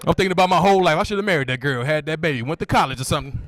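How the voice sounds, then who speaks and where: A man in his forties doing a stand-up comedy set on a club stage into a handheld mic, with loud, high-pitched impressions of his friends. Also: racing, no room sound, studio quality. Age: 40s.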